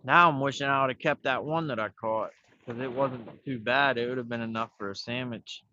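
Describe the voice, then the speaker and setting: A man's voice: medium pitch, moderate pace, sharp tone, slight background noise. A man hosting a fishing livestream outdoors, chatting in a laid-back, rambling way into his phone. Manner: laid-back, talks to himself while fishing. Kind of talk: casual rambling live chat. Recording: dull lo-fi phone audio.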